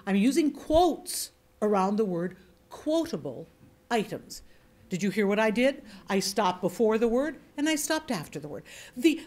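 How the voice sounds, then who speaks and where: A woman leads a voice and reading workshop, talking bluntly and with lively energy. She keeps her pitch in a middle range and shows her points aloud. Her words are aimed at a room of students. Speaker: voice and reading instructor. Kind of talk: workshop teaching with audience questions.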